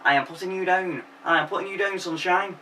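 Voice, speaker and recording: A man's voice: high voice, fairly quick, pushed and bright, distant mic, slight background noise, pitched above the performer's own voice. A man doing a gloating, foul-mouthed giant monster. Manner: swearing, gloating threats. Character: angry male giant monster taunting an aircraft.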